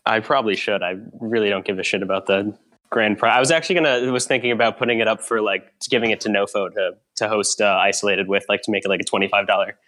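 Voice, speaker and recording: A man's voice: on the low side, steady tone, quick pace, fairly bright tone. A man in casual group voice chat, laughing often and rambling in a self-mocking way. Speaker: game winner. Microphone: online voice call.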